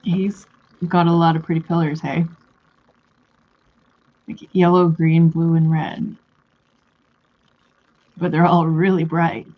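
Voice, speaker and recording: A woman's voice: low voice, flat delivery, slow, pauses often, highs cut off. A woman talking to her pet bird in a casual vlog, coaxing it in a sing-song baby-talk voice, recorded at home. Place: home room by a window.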